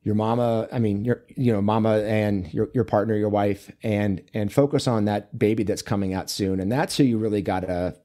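A man, a men's coach and author, talking as a podcast guest in a relaxed, chatty way, full of fillers and storytelling. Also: lowish voice, normal speed, few pauses. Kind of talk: casual interview conversation.

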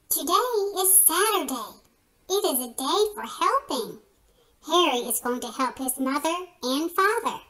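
Story-time reader, woman, very high and lively, slow and expressive. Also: low-quality recording. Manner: slow, expressive, sing-song. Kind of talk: reading a picture book aloud.

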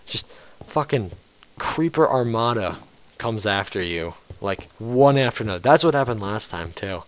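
A man giving casual commentary over a game he is playing, jumpy and quick to swear and scold the game aloud. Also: on the low side, lively intonation. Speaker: let's play host.

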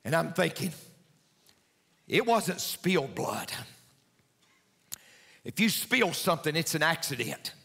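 A man preaching a sermon as pastor in a church, swinging between hushed, low passages and high, intense climbs. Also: sing-song, takes it slowly, creaky, pauses often, breathy edge, big-room sound. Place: church sanctuary.

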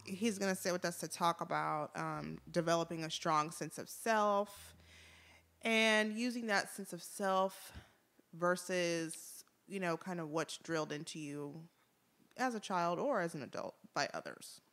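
A woman's voice: fairly low pitch, measured pace, a bit bright. A woman hosting a casual chat podcast, laughing often as she runs the segments. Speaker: podcast host.

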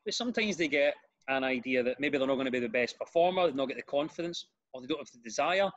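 A man with a Glaswegian accent, a comedian and radio presenter, telling stories in a casual podcast chat with lively restarts. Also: mid-range voice, quick pace, highs cut off. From Glasgow, Scotland. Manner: animated storyteller with frequent restarts.

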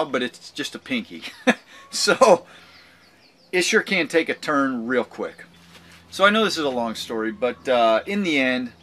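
A man's voice: fairly high pitch, fairly bright tone, a little hiss or hum. A man in his forties, a vlogger telling a personal story casually to camera, acting out the voices of people in it.

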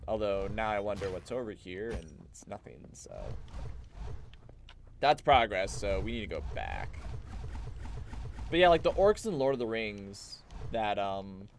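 A man's voice: big pitch swings, unhurried, pauses often, a little hiss or hum. A man casually commenting on a game he plays on stream, rambling and joking as he goes. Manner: rambling, jokey, puts on silly high voices for clone banter.

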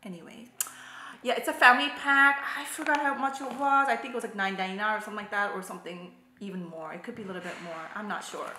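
A woman's voice: mid-range voice, quick pace, sharp tone, slight background noise. A woman hosting a home cooking and mukbang vlog, chatting animatedly to the camera and laughing often. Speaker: vlogger, mukbang host. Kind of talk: casual chat to camera. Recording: echoey room.

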